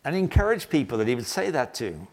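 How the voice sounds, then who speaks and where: An older man preaching a sermon, telling a story earnestly and slowing down to stress key phrases. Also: medium pitch, very animated. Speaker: pastor.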